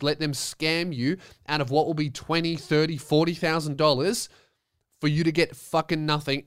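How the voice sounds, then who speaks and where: A man's voice: a little high, fairly bright tone, no room sound, clean studio sound. A man hosting a comedy podcast, giving listeners blunt, profane, emphatic advice. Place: podcast studio.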